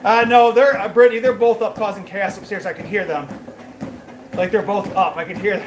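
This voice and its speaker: A man's voice: sits high, fairly even intonation, brisk, roomy sound, a little hiss or hum. A man livestreaming as he walks on a treadmill, talking loosely to his viewers with lots of fillers. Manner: loose and rambling, many fillers. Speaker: fitness livestreamer. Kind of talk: casual chat while working out, talking to viewers.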